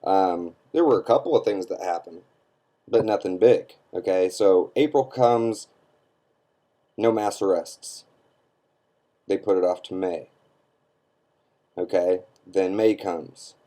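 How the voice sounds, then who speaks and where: A man delivers a scornful opinion rant straight to camera. His voice sits on the low side and has a dark, mellow tone. He presses his points hard and keeps checking in with his listeners. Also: takes it slowly, long pauses. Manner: emphatic, scornful, keeps asking "okay?". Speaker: online commentator.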